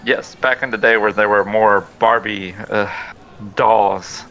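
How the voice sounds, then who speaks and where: A man speaking in character as a player in a tabletop game, polite and mock-formal with drawn-out fillers. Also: lowish voice, steady tone, sharp tone, slight background noise, low-quality recording. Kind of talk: in-character tabletop role-play.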